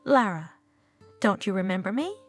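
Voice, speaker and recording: A woman's voice: medium pitch, animated, moderate pace, soft background music. A woman reading the lines of a dazed, grieving middle-aged widower in a storybook narration. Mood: pleading.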